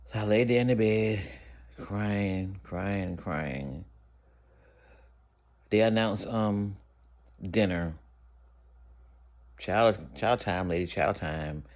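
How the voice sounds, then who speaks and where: Man, deep voice, casual storytime vlogger, candid and conversational. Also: extremely slow, long pauses, a little mellow. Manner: candid, conversational, rambling with restarts.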